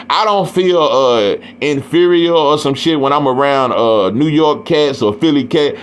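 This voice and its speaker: A man's voice: fairly high pitch, lively intonation, moderate pace, hardly any pauses. Profane East Texas man ranting. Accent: East Texas Southern US. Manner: blunt, profane, heated, repeats himself. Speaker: boxing commentator. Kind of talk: ranting monologue.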